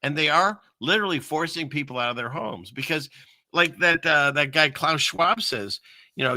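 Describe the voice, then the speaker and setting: A man hosting a casual livestream, rambling and chuckling through viewer comments with lots of filler words and trailing pauses. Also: on the high side, lively intonation, sharp tone, no echo, studio quality. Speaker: livestream host reading viewer chat. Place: home setup in the Seattle area.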